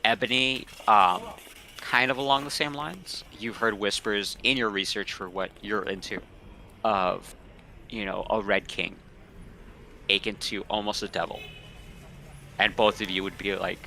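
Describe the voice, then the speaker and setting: A man's voice: on the low side, fairly even intonation, normal speed, vocal fry, bright, forceful tone, a little hiss or hum. A young man narrating as game master in a tabletop role-playing session over a call, casual and loose with many fillers.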